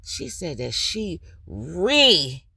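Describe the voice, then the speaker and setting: Blunt, profane woman ranting slowly. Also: lowish voice, sing-song, creaky, sharp tone, breathy edge, dry recording. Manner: blunt, profane, drawn-out emphasis. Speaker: commentary channel host. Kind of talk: profane drama commentary rant.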